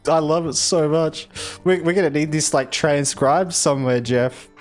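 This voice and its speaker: An Australian man casually chatting on a game livestream, reading viewer messages and verse aloud in an expressive, giggly way. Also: fairly high pitch, normal speed, soft background music. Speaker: game streamer.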